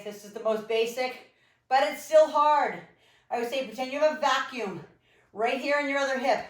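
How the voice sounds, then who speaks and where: A woman coaching a home workout, breathless yet upbeat as she counts down reps and cheers you on. She sounds a little distant from the microphone. The room around her is echoey. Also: a little high. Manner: energetic, encouraging, counting down reps. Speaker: fitness instructor. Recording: echoey room, mic far off.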